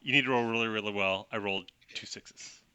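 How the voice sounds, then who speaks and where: A man narrating as game master, playful and quick to laugh. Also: lowish voice, sharp tone, clean tone.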